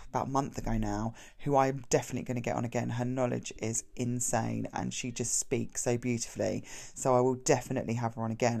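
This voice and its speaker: A woman's voice: a bass voice, vocal fry. A woman hosting her own podcast, talking chattily and effusively in a casual solo monologue. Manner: chatty and effusive, quick swings in loudness. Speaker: podcast host.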